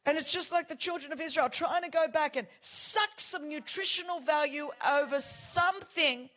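Woman preacher in her forties, high voice, passionate sermon, hushed then shouting. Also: normal speed, few pauses.

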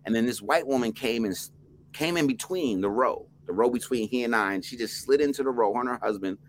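A middle-aged man from New Jersey, a podcast guest telling a story in an animated, emphatic way with restarts. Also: medium pitch, brisk, a little hiss or hum.

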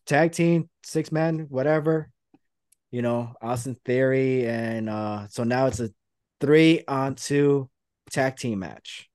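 A man's voice: medium pitch, takes it slowly, a little mellow, no room sound, studio quality. A man hosting a podcast, rambling through a play-by-play retelling in casual chat. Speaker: podcast host.

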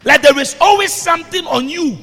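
A man preaching a sermon as pastor, breaking into shouts and sung phrases, recorded in a reverberant church hall with music behind. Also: very high-pitched, a little fast.

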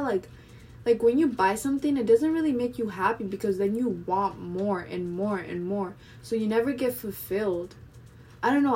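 A woman's voice: mid-range voice, darkish tone, a little hiss or hum. Chatty young woman rambling with fillers. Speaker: vlogger. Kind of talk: casual monologue vlog. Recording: voice a bit distant from the mic.

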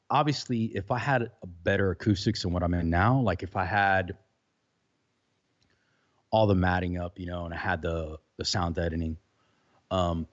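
A man chats loosely about his setup, full of fillers and restarts. His voice sits a little low, and it comes through a dull, lo-fi remote connection from a room with a bit of reverb. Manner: loose, rambling with many fillers. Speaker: podcaster guest. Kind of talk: casual chat.

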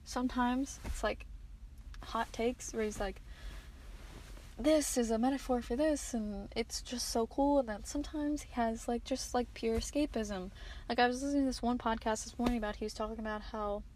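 Solo podcast host, American woman, late teens, slightly higher pitch, loose and profane, lots of restarts, recording from a car. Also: a little mellow, slight background noise, low-quality recording. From United States. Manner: candid, swearing, rambling with restarts. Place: inside a parked car.

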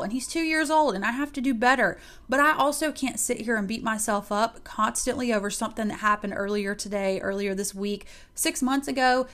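A young woman and mother talking casually to camera, giving emphatic, animated pep talks to other moms. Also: fairly high pitch. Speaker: mom giving advice to mothers. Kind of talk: casual motivational talk to camera.

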